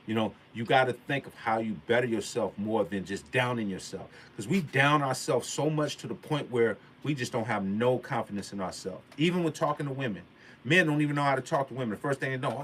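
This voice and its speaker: A man's voice: mid-range voice, expressive, fast talker. A man with a mid-range voice talks straight to his viewers, telling a personal story and turning it into a pep talk. His speech is loose and slangy, and he leans hard on key lines and repeats them. A faint noise sits under the recording. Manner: emphatic, preachy, repeats key points. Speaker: vlogger. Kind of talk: motivational storytelling monologue.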